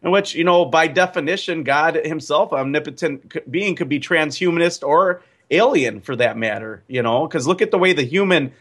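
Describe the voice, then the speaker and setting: A man's voice: on the high side, normal speed, few pauses, a bit bright. A man hosting an interview, asking musing, conversational questions. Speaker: host. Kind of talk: casual interview talk.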